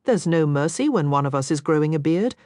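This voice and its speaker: A woman voicing a Scottish male whisky distiller in a romance audiobook, speaking low and gently teasing with a soft burr. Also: animated, a little fast, no room sound, studio quality.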